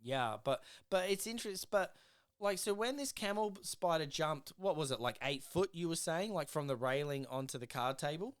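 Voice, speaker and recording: Smooth-voiced Australian man telling a story. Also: a little high, normal speed. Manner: animated, swears a lot, retells stories in voices. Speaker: podcast host. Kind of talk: casual storytelling chat.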